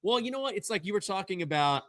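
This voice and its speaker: A man co-hosts a casual live sports chat from a garage set, talking quickly with a lively, bouncing pitch that sits a little high. He banters playfully with his partner. The sound is dry and close. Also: no echo. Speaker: co-host.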